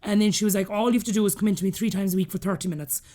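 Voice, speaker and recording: Woman, 30s, Irish accent, podcast guest, candid storytelling, very fast pace, middling pitch. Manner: rapid, animated, acts out quoted dialogue.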